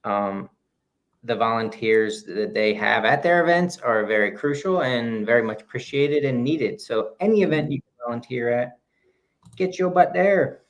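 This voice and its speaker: A man co-hosting a casual podcast in a voice of ordinary middle pitch. He talks in halting bursts with frequent restarts, and slips into a steadier reading tone when going through prepared text. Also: animated. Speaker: podcast co-host.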